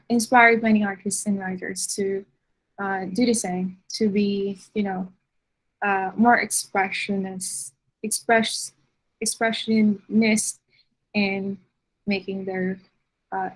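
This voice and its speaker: Woman, art lecturer, slow delivery, fillers and restarts, mid-pitched voice. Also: little pitch movement, low-quality recording. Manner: unhurried, many fillers and restarts.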